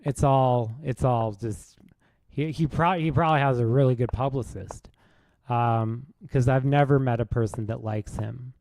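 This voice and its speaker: A man's voice: mid-range voice, measured pace, a little mellow, no room sound. A man streaming chess, rambling through a rude comic roast with lots of false starts. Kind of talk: casual streaming commentary while playing.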